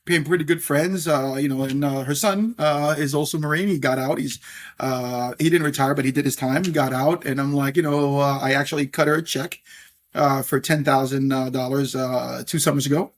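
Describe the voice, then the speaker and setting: A man's voice: medium pitch, normal speed. A middle-aged man from New York, a scotch brand owner, talking in a podcast interview with lots of fillers and restarts. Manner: animated, many fillers and restarts.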